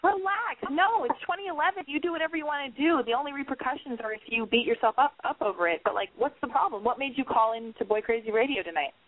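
A woman's voice: high voice, fast, hardly any pauses, dry recording. A young woman hosting a call-in advice show, talking bluntly with lots of swearing and rambling asides. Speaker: call-in radio advice host. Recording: phone-line quality, dry.

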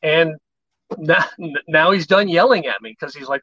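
A podcast guest with a high, bright male voice explains his methods for calm conversations. He slips into quoted back-and-forth lines as he goes. The sound is dry and a little muffled. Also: moderate pace, no room sound. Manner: animated storyteller, acts out quoted exchanges. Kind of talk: conversational advice on persuasion.

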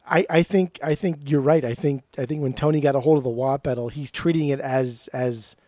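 A man's voice: medium pitch, brisk, dry recording, clean studio sound. A man co-hosting a podcast in loose, profane chat, teasing his friends and telling stories with lots of energy. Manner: profane, teasing, animated storyteller. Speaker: podcast co-host. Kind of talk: casual chat.

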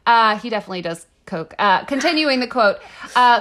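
A woman's voice: a little high, lively intonation, brisk, a bit bright. A woman co-hosting a podcast, chatting casually with lots of fillers, laughing often and gushing as she reads quotes aloud. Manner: giggly, gushing, filler-heavy. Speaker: podcast co-host.

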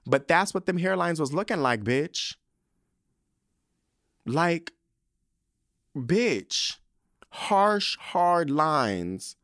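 A man's voice: a little high, very animated, very slow, pauses often, fairly bright tone, no room sound, clean studio sound. A man hosting a podcast, talking in a candid, chatty way with frequent slang and profane asides. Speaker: podcast host. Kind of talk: casual chat.

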